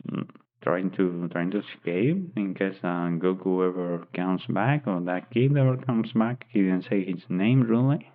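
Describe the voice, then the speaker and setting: A man improvising a story aloud, rambling and thinking as he describes pictures, recorded on tinny phone-like audio. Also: low voice. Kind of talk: unscripted story narration.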